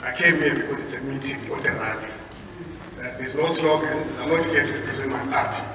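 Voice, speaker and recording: A man's voice: medium pitch, fairly quick, a crowd in the background. A middle-aged man from Zimbabwe giving an earnest, emotional speech at a public meeting, with some hesitations, heard from across a large hall. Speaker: guest speaker. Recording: echoey hall, voice from far off, audible noise.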